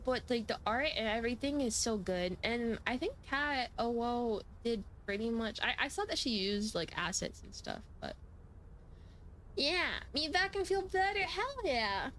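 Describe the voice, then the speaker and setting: A woman's voice: a little high, fairly bright tone, a little hiss or hum. A young woman casually streaming a horror game, giggling and reading the game's text aloud. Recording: game music behind.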